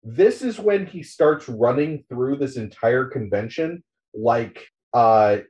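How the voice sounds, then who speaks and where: A male podcast host talks in an animated, casual way, swearing freely as he retells a story. His voice sits at an ordinary pitch, and the recording is somewhat dull and muffled. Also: slow. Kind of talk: casual chat, recounting a comic.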